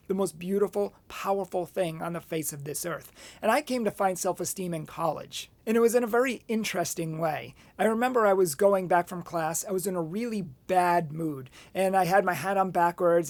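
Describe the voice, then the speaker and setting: Male Catholic speaker, earnest and expressive storyteller, dry recording. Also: sits high, no echo. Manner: storytelling with personal anecdotes. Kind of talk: motivational talk.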